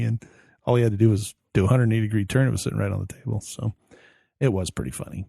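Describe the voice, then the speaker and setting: A man's voice: fairly low pitch, fairly even intonation, fast, gravelly, dark tone, dry recording, clean studio sound. A man co-hosting a podcast in casual chat, a rambling storyteller who acts out the voices of people in his anecdotes. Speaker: podcast co-host.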